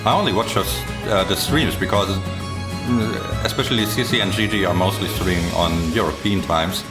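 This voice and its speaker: A man streaming live, chatting casually and excitedly as he reacts to music videos, swearing freely and thinking aloud with lots of fillers. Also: sits low, moderate pace. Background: faint music from the videos.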